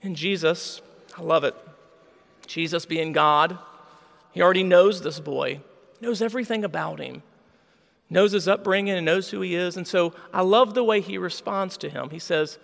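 A man's voice: high-pitched, moderate pace, vocal fry, long pauses, fairly bright tone, long reverb tail. A man preaching a sermon with passion, voicing the people in his story. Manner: impassioned, acts out quoted voices. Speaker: pastor.

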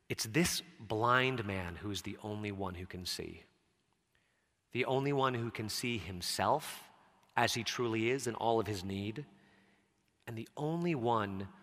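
Bright-voiced preacher in a reverberant church. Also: male voice. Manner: conversational, drops to soft low tones, rises for scripture quotes. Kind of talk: sermon. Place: church sanctuary.

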